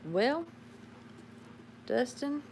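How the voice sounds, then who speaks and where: A woman with a Southern drawl, soft-spoken and chuckling as she chats casually with viewers of her livestream from home. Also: sits high, big pitch swings, very slow, slight background noise. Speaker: livestream host. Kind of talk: casual live chat. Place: home with pet dogs.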